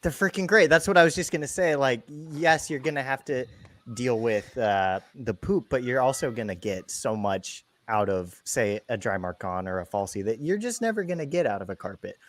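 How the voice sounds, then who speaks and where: A man's voice: mid-range voice, lively intonation, moderate pace, a bit bright. A man co-hosting a podcast in casual chat, enthusiastic and full of fillers. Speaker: podcast co-host.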